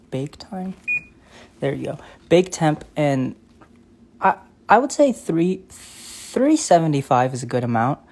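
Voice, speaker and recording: Low-voiced woman rambling through a kitchen livestream. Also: mellow, a little hiss or hum. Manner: chatty and rambling, self-correcting. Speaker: home cook hosting a live stream. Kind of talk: casual cooking livestream. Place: home kitchen.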